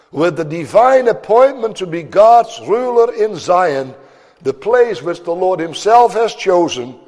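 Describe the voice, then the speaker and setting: A man's voice: high-pitched, darkish tone. A man preaching a sermon in a solemn, declamatory manner, stretching out words for emphasis. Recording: long hall reverb.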